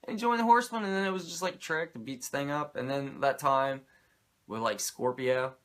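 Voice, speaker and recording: A man's voice: medium pitch, fairly quick, fairly bright tone. A man hosting a podcast, recapping wrestling in a rambling, crude, jokey way. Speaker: podcast host reviewing wrestling. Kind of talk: casual profane recap.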